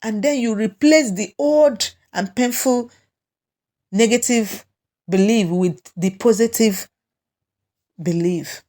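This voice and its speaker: A woman with a Nigerian English accent teaches a self-help lesson in a fairly high voice. She speaks very slowly, repeating phrases as she gently coaches the listener through each step. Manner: slow, repetitive, gently coaching.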